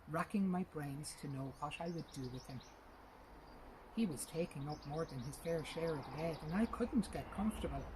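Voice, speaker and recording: A woman reading a short story aloud in a lively, expressive first-person narration. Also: sits low, background noise. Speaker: reader.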